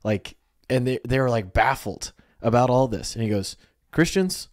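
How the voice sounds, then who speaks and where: A man's voice: medium pitch, normal speed, no echo, studio quality. A man co-hosting a podcast in casual chat, telling stories and joking around. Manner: joking, animated storytelling. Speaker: podcast co-host.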